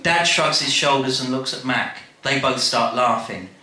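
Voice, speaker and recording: Bright-voiced man reading aloud live. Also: mid-range voice, moderate pace. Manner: wry, animated reading with asides. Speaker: storyteller. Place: bar. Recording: echoey live room, faint background noise.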